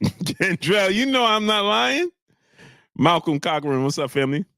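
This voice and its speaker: Man streamer, AAVE, lively pitch, dry close sound, chatty commentary. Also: a little slow, no echo. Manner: animated, greets chat viewers, acts out quotes in lower voice. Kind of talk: casual live-stream commentary.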